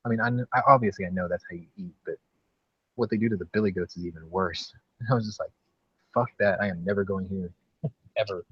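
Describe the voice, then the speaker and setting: A man hosting a casual podcast chat, relaxed, laughing often and swearing freely. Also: low-pitched, fast, husky, no echo, muffled recording. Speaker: podcast host.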